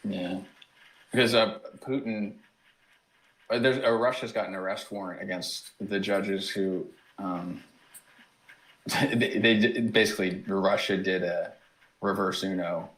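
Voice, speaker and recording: A male podcast guest delivering blunt, indignant commentary in a casual, animated way. His voice sits low. He sounds plainly outspoken. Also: measured pace, pauses often, low-quality recording.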